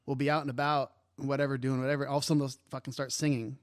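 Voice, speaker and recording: A man's voice: mid-range voice, level tone, racing, dry recording. Ranting man, dry close sound. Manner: emphatic, swears a lot, rants. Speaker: podcast co-host. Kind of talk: casual movie podcast chat.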